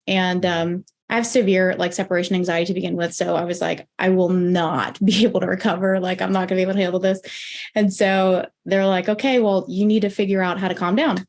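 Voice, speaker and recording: A woman in her thirties, a podcast guest, telling a personal story in a lively way, acting out what she and others said and using "like" often. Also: lowish voice, a little fast. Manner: animated, acts out her own and others' quoted lines with lots of "like".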